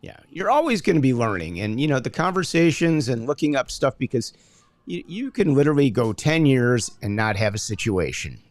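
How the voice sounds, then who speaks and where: A man's voice: medium pitch, very animated, a little fast. A man hosts a podcast in a casual, conversational way. His voice rises and falls a lot, and the recording is dry, with no room echo. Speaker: podcast host. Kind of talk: podcast chat.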